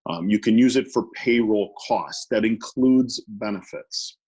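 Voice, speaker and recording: A man's voice: lowish voice, a little slow, darkish tone, slightly rough, rough recording. A man who works as a business lawyer, presenting a webinar in a conversational way with many fillers and restarts.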